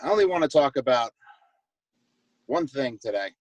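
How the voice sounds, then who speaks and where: A man's voice: mid-range voice, big pitch swings, normal speed, a little mellow, no room sound, rough recording. Male sports co-host, sarcastic rant, dry close sound. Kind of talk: casual sports debate.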